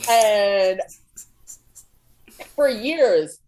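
A woman co-hosting a casual podcast, telling a funny story in an animated way and acting out her own panicked shouts. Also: mid-range voice, drawn-out words, slight background noise, low-quality recording. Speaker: podcast co-host.

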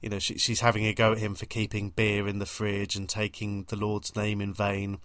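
A man co-hosting a podcast, recapping a film in a dry, gently mocking way. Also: lowish voice, monotone, moderate pace, dry recording. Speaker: podcast co-host.

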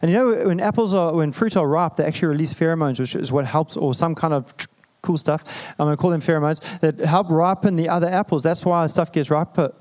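Humorous pastor preaching. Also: male voice, a little high, brisk, darkish tone. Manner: conversational, humorous preaching with asides. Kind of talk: sermon.

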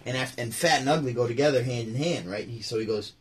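A man hosting a daily show, chatting casually and telling stories in a rambling, animated way with many restarts. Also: medium pitch, fast, hardly any pauses, breathy edge. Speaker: host. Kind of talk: casual chat.

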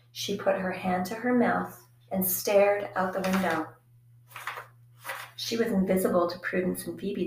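A woman narrating a first-person storybook in a quiet, reflective, even manner. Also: medium pitch. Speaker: audiobook narrator. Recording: echoey room.

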